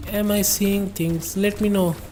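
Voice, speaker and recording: Slow, flat-voiced woman streaming a game. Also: medium pitch, a little hiss or hum. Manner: musing, rambling asides to chat. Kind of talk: livestream gameplay commentary.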